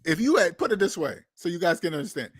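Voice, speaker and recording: Host, male, high-pitched and animated, dry close sound, profane storyteller who acts out quotes. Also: fast, slightly rough, no echo. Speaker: podcast host. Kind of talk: casual storytelling monologue. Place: Seattle.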